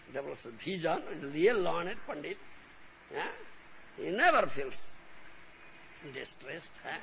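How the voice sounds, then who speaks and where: Gravelly, animated preacher. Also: male voice, high-pitched. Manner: emphatic, frequently asks "huh?" and "you understand?". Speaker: spiritual teacher. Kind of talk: devotional sermon. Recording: dull lo-fi recording with faint hiss.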